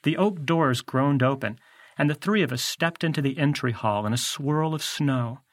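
A man's voice: a little high, normal speed, dry recording. Wry, dry-recorded male audiobook narrator. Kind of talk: first-person audiobook narration.

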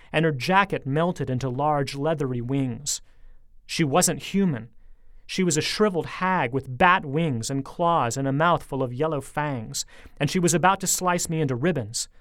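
A man narrating an audiobook with lively, expressive storytelling. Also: a little high, no room sound, studio quality. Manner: lively storytelling, speeding up in tense moments.

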